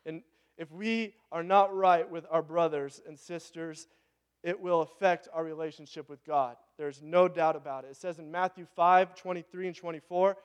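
A man's voice: on the high side, steady tone, moderate pace, smooth. A man in his thirties with a Pacific Northwest American accent, preaching a conversational sermon and asking the congregation questions. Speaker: pastor.

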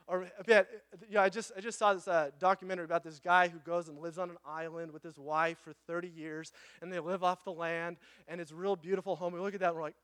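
A pastor preaching a conversational sermon, acting out little quoted voices and joking asides. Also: male voice, high voice, steady tone, fast, few pauses, fairly bright tone, no room sound, studio quality.

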